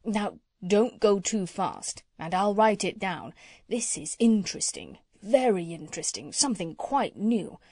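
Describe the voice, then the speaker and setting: Gentle polite male doctor, storybook, mild careful speech, dry close sound, a woman voicing him. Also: medium pitch, animated, unhurried, breathy edge, dry recording.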